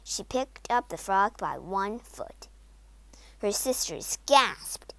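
Woman reading a kids' story, slow and smooth, dry close sound. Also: mid-range voice, no room sound. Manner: expressive, lively, plays every character. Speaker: storybook narrator. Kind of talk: storybook read-aloud narration.

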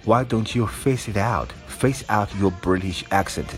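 Deep-voiced man explaining English phrases. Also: moderate pace, soft background music. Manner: explanatory, steady. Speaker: English teacher. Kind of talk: language lesson narration.

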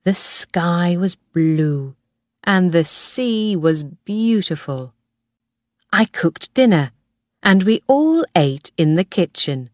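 A woman narrating a graded-reader story in a clear, careful, measured way. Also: fairly low pitch, lively intonation, no echo, studio quality. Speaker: audiobook narrator.

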